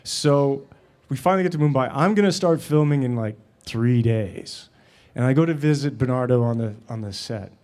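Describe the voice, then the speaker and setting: A man in his forties, an actor and director, answering audience questions with halting, filler-filled anecdotes and frequent laughter, on a stage before an audience. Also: mid-range voice, darkish tone. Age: 40s. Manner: halting, many fillers and restarts; laughs while telling stories.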